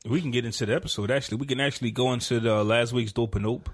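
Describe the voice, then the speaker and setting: Guy in his 30s cohosting a podcast, slangy and animated, mid pitch, dry close sound. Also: very fast, breathy edge, no echo. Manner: animated, slangy, jumps up in pitch when riled. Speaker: podcast co-host. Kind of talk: casual chat.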